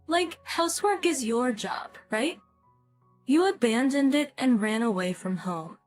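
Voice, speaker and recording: A woman's voice: high voice, lively intonation, measured pace, soft background music. A woman voicing a bossy young daughter-in-law who mocks and makes demands. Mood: mocking. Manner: mocking, demanding.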